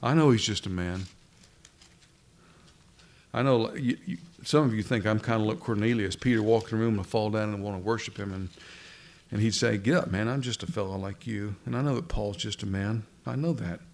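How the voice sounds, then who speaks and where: A man's voice: fairly low pitch, moderate pace. A man preaching a sermon in a conversational way, speaking directly to his listeners and often restarting his words.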